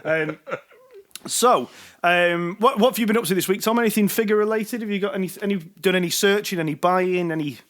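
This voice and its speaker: A man's voice: high voice, a little fast, fairly bright tone. A man with a Manchester accent co-hosting a podcast in casual chat. He muses aloud and repeats words as he works out his thoughts. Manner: musing, repeats words as he thinks. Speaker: podcast co-host.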